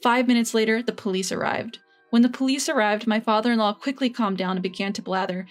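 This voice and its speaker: Woman reading a story in first person, even measured delivery, higher voice, soft music behind. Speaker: narrator.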